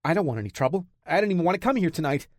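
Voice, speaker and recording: A man's voice: a little high, lively intonation, rapid-fire, no room sound, clean studio sound, pitched above the performer's own voice. A man voicing a frightened young male computer hacker who talks in a nervous, stammering, pleading way. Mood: scared, pleading.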